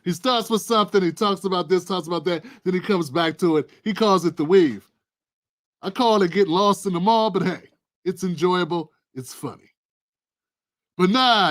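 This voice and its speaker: A man's voice: sits high, lively intonation, normal speed, a bit bright. Joking male livestream commentator. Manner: playful, riffing and joking with viewers. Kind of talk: casual political commentary livestream.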